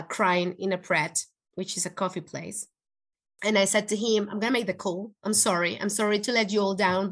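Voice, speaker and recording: A woman guest in an interview, telling an emotional personal story in an earnest, animated way, with frequent restarts. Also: mid-range voice. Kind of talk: conversational podcast interview.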